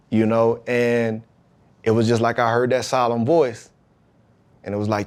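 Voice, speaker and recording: A man, a pro football player, talking as a podcast guest, telling his story about faith and football in a lively, emphatic way. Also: mid-range voice, normal speed. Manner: emphatic, animated retelling with acted-out quotes.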